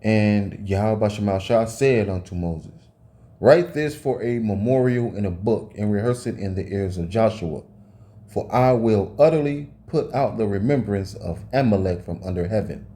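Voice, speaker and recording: A man's voice: on the low side, moderate pace, mellow. A man giving an informal sermon, reading scripture aloud and ranting between passages, swearing often and ending phrases with "man". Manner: profane, tags phrases with "man", rereads and corrects himself. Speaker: preacher.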